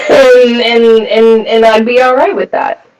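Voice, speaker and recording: With a very high voice and flat delivery, a man slowly shares candid testimony at a recovery meeting. He tells his story bluntly, swearing often and using many fillers, a little distant from the mic.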